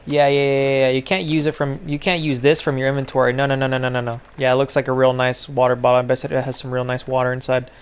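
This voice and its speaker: A man's voice: mid-range voice, level tone, quick pace, few pauses, clear, resonant tone. A man giving casual gameplay commentary, rambling and sarcastic, swearing often. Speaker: gaming video creator.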